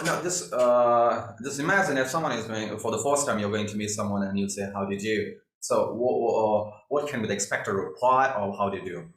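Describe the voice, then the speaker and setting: In an echoey room, a male English teacher with a lowish, slightly bright voice gives an online spoken English lesson. He repeats phrases and fills pauses with "you know."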